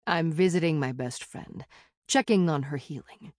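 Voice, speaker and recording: Frau spricht einen müden jungen Vampirprinzen. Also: male voice, on the high side, normal speed, no room sound, studio quality, lightly acted. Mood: dry, weary. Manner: clipped, terse questioning. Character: young male vampire prince, weary, guarded.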